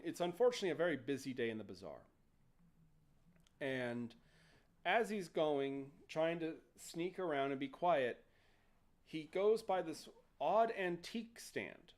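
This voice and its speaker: Animated high-voiced male storyteller. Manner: animated, playful, acts out characters. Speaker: host. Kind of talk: casual storytelling on a livestream.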